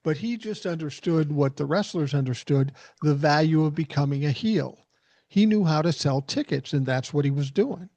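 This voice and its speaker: Man, podcast host, animated storyteller, mellow and fairly high voice, dry muffled sound. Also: moderate pace, no room sound. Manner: animated anecdote-telling, swears freely. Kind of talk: casual storytelling chat.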